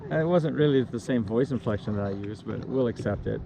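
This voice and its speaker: A man's voice: medium pitch, fast, gravelly, noisy background. A man working as a fishing guide, chatting and joking on a boat on a lake, often laughing and restarting his sentences. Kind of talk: casual fishing vlog chat.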